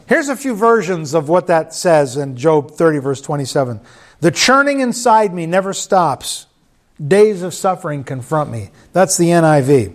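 A man's voice: a little high, sing-song, moderate pace. A man preaching a sermon in church, conversational and joking with the congregation. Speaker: pastor.

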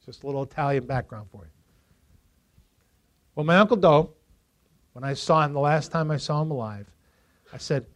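A male pastor preaching a sermon to a congregation, lively and joking with them, rising to loud emphasis. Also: a little high, moderate pace, long pauses. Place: church before a congregation.

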